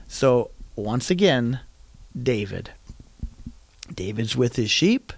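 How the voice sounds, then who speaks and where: A man's voice: mid-range voice, sing-song, slow, creaky, long pauses, slightly rough, dry recording. A man preaching a sermon, retelling a story animatedly and acting out quoted lines in a raised voice.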